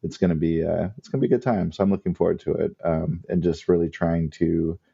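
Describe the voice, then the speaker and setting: A man co-hosting a podcast, rambling in loose, self-deprecating chat. His voice sits low with a gravelly fry and a husky edge. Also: steady tone, fast talker, mellow, lo-fi sound. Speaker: podcast co-host. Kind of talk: casual chat.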